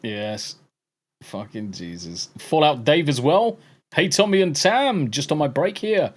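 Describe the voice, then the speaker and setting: An English man hosts a podcast, reading chat aloud and trading laughing, profane banter with it in a casual way. His voice sits on the high side, expressive and a little slow.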